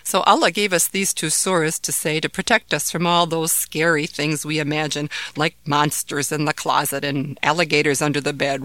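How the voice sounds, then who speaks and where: A woman narrates a children's bedtime story in a clear, gentle read-aloud manner. Her voice sits on the low side, and it is recorded close and dry with no room sound. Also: fairly even intonation, normal speed, no room sound.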